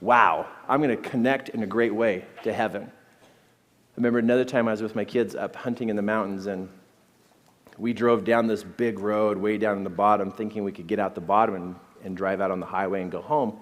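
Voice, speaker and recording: A middle-aged man giving a talk full of personal stories, animated and often laughing between phrases. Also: on the low side, fairly quick. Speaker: speaker.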